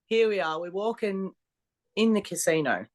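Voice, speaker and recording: A strongwoman athlete, guesting on a podcast, tells blunt stories full of swearing in a casual interview. Her voice sits in the mid-range and she talks at a moderate pace, animated as she tells each tale.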